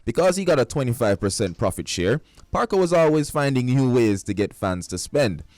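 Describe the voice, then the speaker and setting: A man's voice: mid-range voice, sing-song, a little fast, a little mellow, no room sound. A man with a Jamaican accent co-hosting a radio morning show, reading a fun fact and bantering playfully. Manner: playful, upbeat. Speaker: radio co-host.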